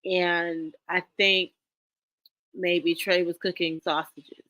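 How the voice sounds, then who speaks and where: Bright-voiced woman guest, chatty and expressive. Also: on the low side, no echo. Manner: expressive, chatty, quick to affirm. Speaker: podcast guest. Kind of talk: casual storytelling chat.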